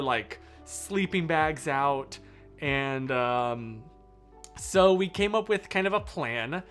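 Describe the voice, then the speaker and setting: A live streamer in a casual, unhurried story mode, talking at a slow pace with a mid-range voice. The delivery rambles and keeps circling back to fix details. Faint guitar music plays underneath. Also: mid-range voice, a bit bright. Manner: rambling, self-correcting, chatty with viewers.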